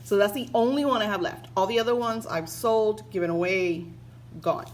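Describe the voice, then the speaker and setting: A woman's voice: mid-range voice, moderate pace, slight background noise, low-quality recording. A woman vlogging casually about spirituality, gushing and emotional, with lots of fillers, reading passages aloud from a book.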